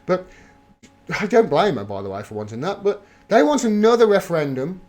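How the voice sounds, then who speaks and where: Male streamer, slightly high pitch, blunt and emphatic, swears freely while reading chat. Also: very animated, fairly quick, a little mellow. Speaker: livestream host. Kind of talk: live political commentary reading viewer chat.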